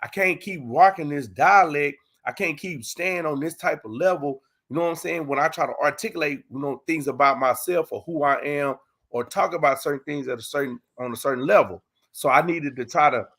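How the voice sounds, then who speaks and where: Texan guy on a livestream q and a, gravelly voice, laid back street talk. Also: a little high, a bit bright. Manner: loose street slang, lots of "you know what I'm saying". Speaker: livestream host. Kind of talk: casual livestream Q and A.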